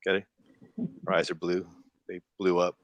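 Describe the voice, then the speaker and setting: A man's voice: deep voice, completely flat delivery, moderate pace, no room sound, highs cut off. A man joking and rambling in a casual online group voice chat. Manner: joking, rambling, puts on accents. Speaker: chat room participant.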